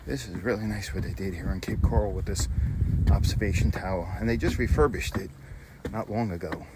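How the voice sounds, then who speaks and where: A man vlogs his walk along a nature trail and up a lookout tower, chatting enthusiastically about what he sees. He speaks a little fast in a low voice, with noise in the background.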